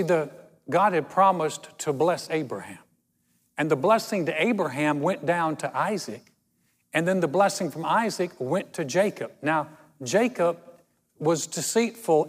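A man delivers a sermon as a pastor, his voice sitting slightly high for a man. He talks through his story conversationally, slowing deliberately on key words. The recording has a long reverb from the church space. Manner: storytelling, conversational with dramatic slow emphasis.

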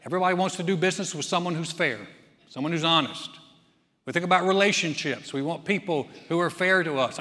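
A man's voice: fairly high pitch, a bit bright. A man preaching a sermon as pastor, folksy and joking, telling stories to his congregation in a church sanctuary. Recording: long reverb of a church hall.

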